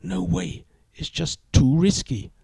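A man's voice: a little high, takes it slowly, creaky, mellow, breathy edge, dry recording, clean studio sound, pitched above the performer's own voice, full character voice. A man voicing a nervous young woman who keeps refusing her date's pleas for a kiss, in a spoken joke. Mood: alarmed pleading. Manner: pleading, protesting.

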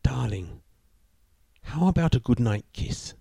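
A man's voice: medium pitch, expressive, slow, vocal fry, mellow, breathy edge, no echo, studio quality, voice pushed up, exaggerated voice. A man voicing a young man who begs his date for a good night kiss, in a spoken joke. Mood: coaxing. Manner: wheedling, begging.

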